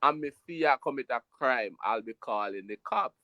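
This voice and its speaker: A man from Jamaica with a Jamaican accent, telling a story in an animated, emphatic patois style during a casual chat. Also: mid-range voice, moderate pace, dry recording.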